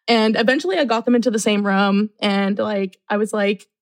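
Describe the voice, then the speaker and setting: A woman from university residence life tells a story in a casual, animated way, acting out what people said in lively voices. Her pitch is medium, her pace moderate, and she pauses little.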